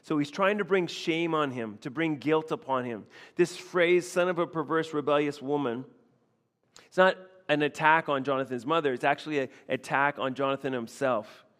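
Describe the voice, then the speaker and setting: A man with a slightly high voice preaches in a relaxed, conversational way. He keeps doubling his words and tossing out quick "right?" asides. His voice rings with a long hall reverb. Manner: conversational, repeats phrases, frequent "right?" asides. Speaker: pastor. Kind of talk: expository sermon.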